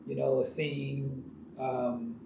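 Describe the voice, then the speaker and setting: A man interviewing an actor in a relaxed, casual way, asking loose, rambling questions and affirming his answers. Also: mid-range voice, takes it slowly, creaky. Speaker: interviewer, author. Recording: roomy echo with faint hiss.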